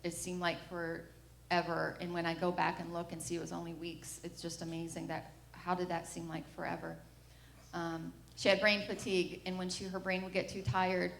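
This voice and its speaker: A middle-aged woman with a fairly low voice gives a personal testimony in a church. She tells her story frankly and acts out the quoted lines. Her voice rings in an echoey room over a faint hum of ambience. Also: vocal fry. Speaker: mother giving a church testimony. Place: church sanctuary.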